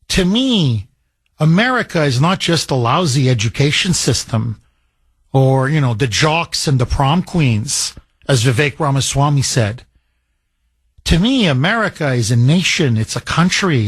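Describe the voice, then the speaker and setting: Emotional talk radio guy ranting, middle-aged, kinda raspy voice pitched a bit high. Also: sing-song, measured pace. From Canada. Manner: emotional, heated, preachy. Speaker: radio talk show host.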